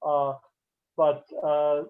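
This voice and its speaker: Man, teacher, patient, explanatory, lots of fillers, higher voice, dull call audio. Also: monotone, very slow, smooth. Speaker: Hebrew teacher. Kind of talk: online class instruction.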